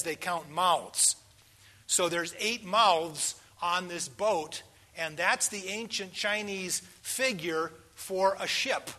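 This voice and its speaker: In this sermon, a man in his sixties quizzes the congregation and shifts between soft, hushed pauses and forceful, loud emphasis. He speaks in a high-pitched voice.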